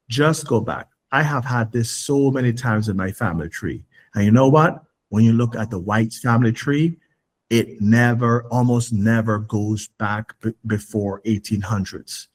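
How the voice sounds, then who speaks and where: A man in an interview pressing his argument with emphasis, circling back on words as he builds a point. His voice sits at an ordinary middle pitch, and he sometimes acts out pointed questions in a raised voice. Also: normal speed. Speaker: guest. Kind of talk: interview conversation.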